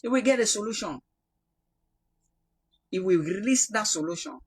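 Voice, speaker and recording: A young Cameroonian man from the Northwest preaching a prophetic sermon, swinging from loud rebuke to quiet prayer. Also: sits high, lively intonation, moderate pace, breathy edge. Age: young adult.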